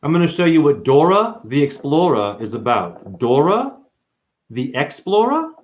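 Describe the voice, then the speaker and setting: Lively, swearing man ranting to camera. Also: a little high, measured pace. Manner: animated, profane, calls listeners "honey". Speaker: video monologue host. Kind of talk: rambling spiritual monologue.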